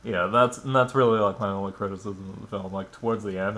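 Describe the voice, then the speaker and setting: Talking fast in a fairly low, fairly bright voice with fairly even intonation, this movie reviewer gives a loose, rambling take on a film. He swears a lot and leans heavily on fillers like "like" and "you know."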